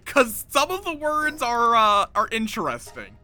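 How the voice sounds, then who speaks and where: Talking slowly with an extremely high, wildly swooping voice and a sharp tone, a male streamer rambles casually while he plays. He mutters to himself and chats with his viewers.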